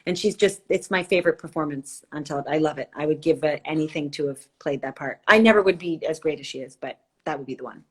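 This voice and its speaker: A woman's voice: deep voice, fast, few pauses, husky. A woman hosting an Instagram live, chatting casually and gushing, with easy laughs, speaking into a phone or laptop. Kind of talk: casual chat. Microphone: phone or laptop on a live video stream.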